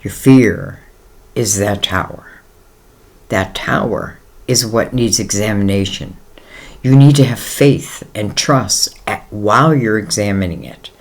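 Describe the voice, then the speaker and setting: A tarot reader with a lowish voice takes his time, offering a casual reading. His talk is rambling and full of fillers, spoken straight to the listener in a reassuring way.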